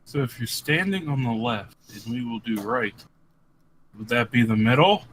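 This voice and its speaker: Man, tabletop player, animated pitch, bright tone, playful casual chat. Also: moderate pace, slight background noise. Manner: playful, laughs often, lively questions.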